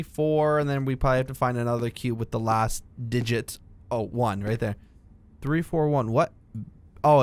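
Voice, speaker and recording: A young man giving jokey let's-play commentary, talking to himself and yelping at the game. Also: mid-range voice. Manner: jokey, talks to himself, bursts into yelps and shouts at the game. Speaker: gaming video creator.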